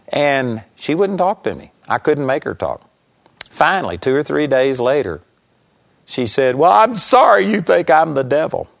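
A man preaching a sermon and telling a personal testimony in an earnest storytelling manner. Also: medium pitch. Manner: earnest storytelling, speeds up and slows down.

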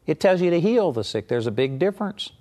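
A man preaching a sermon, retelling a scripture story with animated emphasis and acted-out pleas. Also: on the high side, fairly quick. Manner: animated storytelling, acting out prayers in raised voice.

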